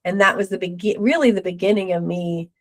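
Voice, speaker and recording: A middle-aged woman, a podcast guest, telling a personal story with lively retold quotes. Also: on the low side, fast. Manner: animated retelling with acted quotes.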